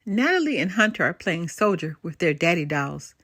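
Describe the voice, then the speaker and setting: An older woman storyteller reading a bedtime story aloud, her pitch rising and falling a lot. The recording is close and dry, with no room around her. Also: normal speed, no echo. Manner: expressive, lilting.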